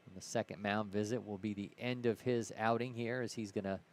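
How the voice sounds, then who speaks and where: A man's voice: fairly low pitch, fairly even intonation, a little fast. A man from Ohio calling a live baseball game play-by-play in an easygoing way, correcting himself as he goes. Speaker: play-by-play commentator.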